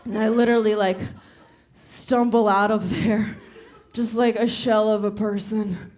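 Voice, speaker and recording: A young woman doing stand-up, telling a story with lots of laughter and shouted voices. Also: mid-range voice, flat delivery, measured pace. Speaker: stand-up comedian.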